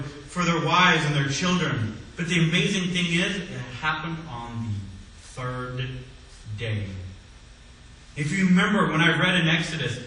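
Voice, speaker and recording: A male pastor delivers a sermon, his voice bright and forceful, slightly higher than most men's. He swings between loud exclamations and quiet, low phrases. The recording is heavily echoey and picked up from some distance across the church. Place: church sanctuary.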